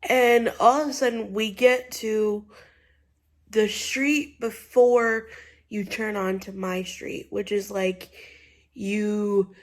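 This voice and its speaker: Speaking to her vlog audience at an unhurried pace, a young woman tells a story in a medium-pitched voice. She rambles and circles back, leaning heavily on "like" and "you know" as she recounts what happened with feeling.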